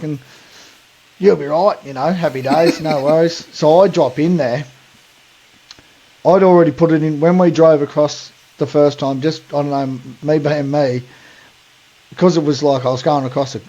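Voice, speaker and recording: A man's voice: a little high, warm tone, highs cut off. An Australian man hosting a podcast, telling a long story in a rambling, slangy way full of fillers. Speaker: podcast host. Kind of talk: casual storytelling.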